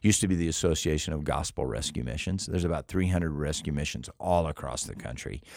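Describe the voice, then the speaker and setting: A man's voice: a bass voice, fairly quick, creaky, a little mellow, no room sound, clean studio sound. A middle-aged man who leads a rescue mission, telling stories earnestly in an interview with frequent restarts. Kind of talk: interview conversation.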